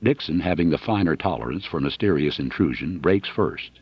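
A man giving measured, wry scripted audiobook narration. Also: very deep voice, lively intonation, slightly rough, lo-fi sound.

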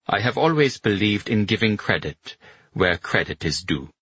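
A man voicing a smooth, self-serving older male general who talks formally and flatters, in a slightly dull, lo-fi recording. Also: fairly low pitch, moderate pace, no echo. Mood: flattering.

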